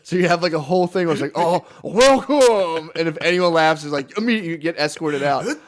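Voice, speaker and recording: A man's voice: on the high side, racing. A young man co-hosting a podcast, telling rambling stories in casual chat, laughing often and swearing heavily. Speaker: podcast co-host.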